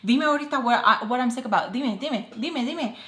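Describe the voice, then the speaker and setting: A woman's voice: on the high side, brisk, sharp tone, reverberant, pitched above the performer's own voice. A woman voicing a suspicious, interrogating older woman guardian in a storytime vlog, pressing with repeated questions. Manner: accusing, repetitive questioning.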